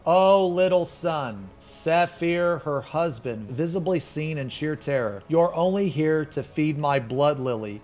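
A man streaming a casual reaction, reading a web page aloud and breaking into excited outbursts and swearing. His voice sits a little high for a man. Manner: excitable, laughs often, swears, quick exclamations.

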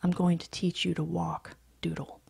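A woman reading the lines of an impatient, bossy older boy in a low, curt voice. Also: flat delivery, normal speed, vocal fry, darkish tone, slightly rough, dry recording, exaggerated voice. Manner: curt and demanding.

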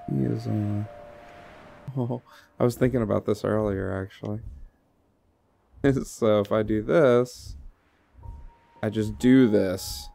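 Slow, gravelly man laughing through a game. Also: medium pitch. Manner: laughs often, excitable, talks to the character on screen. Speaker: game streamer. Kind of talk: live game commentary.

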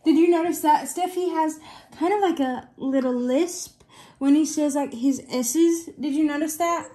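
A woman's voice: high-pitched, normal speed, warm tone. A woman hosting a casual reaction to a clip, asking her co-viewer to agree with her remarks.

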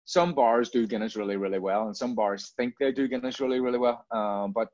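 A man's voice: medium pitch, fairly quick, darkish tone, no room sound. A man, a bar owner chatting in an interview, rambling and repeating words as he restarts his sentences. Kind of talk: casual interview chat. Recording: dull lo-fi sound, dry.

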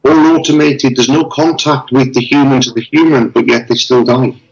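A man chatting casually on a video call, telling stories with lively acted-out dialogue. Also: mid-range voice, normal speed, vocal fry, lo-fi sound. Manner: animated storyteller, acts out dialogue. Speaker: interviewee.

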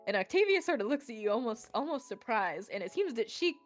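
Woman, game master, casual narration, hesitant restarts, lively pitch. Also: fast, soft background music.

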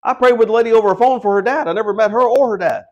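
A man's voice: sits high, very fast, lo-fi sound. A man preaching a house-church sermon in a conversational way, acting out quoted voices and asking the congregation questions. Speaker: pastor.

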